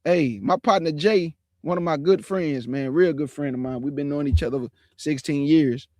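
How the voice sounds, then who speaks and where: A man in his forties hosting a livestream, talking bluntly and casually in slangy, animated speech. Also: on the high side, moderate pace, dry recording, clean studio sound. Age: 40s. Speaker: livestream host.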